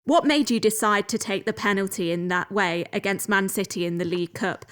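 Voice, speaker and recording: A woman's voice: mid-range voice, brisk, fairly bright tone. Woman asking interview questions. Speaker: interviewer, host.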